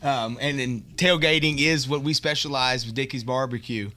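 A man's voice: medium pitch, fairly even intonation, moderate pace, sharp tone. A man with a Southern accent, a restaurant guest on a radio show, talking casually with many fillers and restarts. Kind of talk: casual promotional chat.

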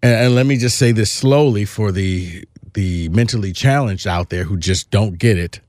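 A man's voice: fairly low pitch, moderate pace, darkish tone, dry recording, clean studio sound. A man co-hosting a sports podcast, talking in a casual, emphatic and opinionated way, often restarting his phrases.

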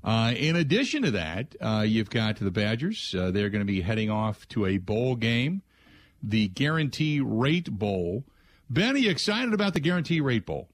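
A man's voice: medium pitch, sing-song, moderate pace. A man hosting a sports radio show, talking casually and rambling with fillers between segments. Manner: rambling, chatty, lots of filler and restarts. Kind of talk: casual radio talk with call-in prompts. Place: radio studio.

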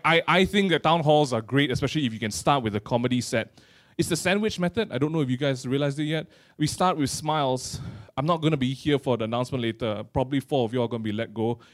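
A young man from Malaysia with a Malaysian English accent, performing a chatty, self-mocking stand-up comedy set. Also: medium pitch. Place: office meeting hall.

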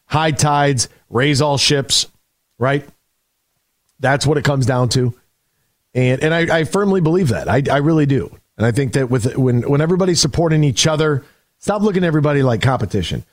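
A man's voice: medium pitch, animated, normal speed, no echo, studio quality. A man hosting a sports radio show in a casual, emphatic style, often restarting his sentences. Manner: conversational, emphatic, frequent restarts.

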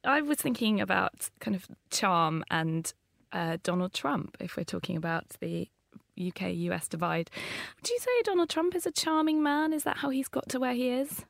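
A woman's voice: medium pitch, animated, normal speed, vocal fry, dry recording. A woman interviewing a guest, asking probing questions with a teasing edge.

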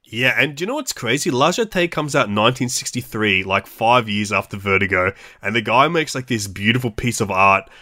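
A man's voice: lowish voice, animated, a little fast, few pauses, pushed and bright, no echo, studio quality. A man co-hosting a casual film chat, talking with enthusiastic, profane slang. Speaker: podcast co-host.

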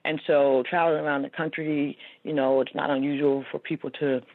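A woman's voice: low voice, flat delivery, brisk. A woman author speaking as a guest in a casual interview, talking earnestly with many fillers. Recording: tinny phone-line audio.

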